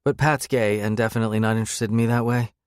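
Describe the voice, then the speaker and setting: A man's voice: lowish voice, fairly even intonation, quick pace, smooth, no room sound, clean studio sound, natural voice. A man voicing a guarded young woman who talks in a cool, terse way. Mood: dry.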